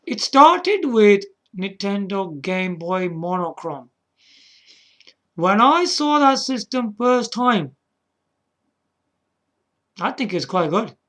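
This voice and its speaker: A man chats his way through a gaming video at an unhurried pace, his voice bright and a little sharp. He rambles, restarts sentences and keeps tossing "yeah?" and "man" at the viewer. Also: high voice, big pitch swings. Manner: frequent restarts and chuckles. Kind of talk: casual rambling commentary.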